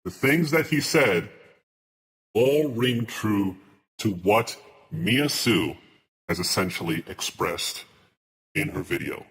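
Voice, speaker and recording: A man streaming live reaction commentary, arguing his points deliberately and restarting mid-word. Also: lowish voice, a bit bright.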